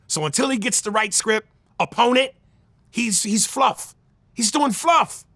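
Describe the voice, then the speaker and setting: A man comedian in a casual interview, talking loud and profane and slipping into accent impressions. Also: very high voice, expressive, a little slow, dry recording. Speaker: comedian guest.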